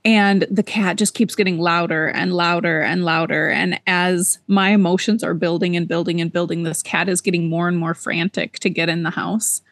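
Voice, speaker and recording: A woman co-hosting a podcast, telling a personal story in a casual, animated way and repeating words for emphasis. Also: fairly low pitch, moderate pace, few pauses, dry recording. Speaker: podcast co-host.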